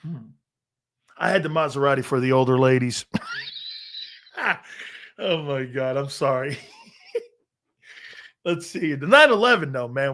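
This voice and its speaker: A man's voice: on the high side, a bit bright. A middle-aged man hosting a sports talk show, telling boastful, profane stories in a casual chat and laughing often.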